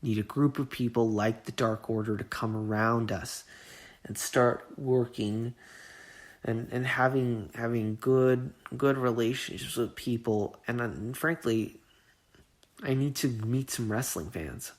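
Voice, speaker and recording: This is a man of middle pitch speaking alone into his podcast mic. He is earnest and impassioned, and his words stumble and repeat as he gets emotional. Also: unhurried. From Southern California. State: getting emotional. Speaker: podcast host. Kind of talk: emotional monologue.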